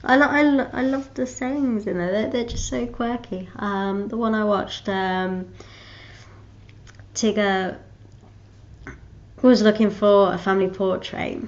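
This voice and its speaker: A woman's voice: medium pitch, unhurried, pauses often, lo-fi sound. A woman vlogger chatting casually to her viewers, rambling and restarting her sentences with frequent giggles. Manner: rambling, giggly, self-interrupting. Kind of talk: casual chat to camera.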